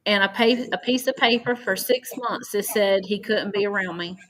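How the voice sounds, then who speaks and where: A woman's voice: mid-range voice, normal speed, fairly bright tone, low-quality recording. A woman, a podcast guest earnestly recounting a personal story and quoting others at length. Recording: faint background noise.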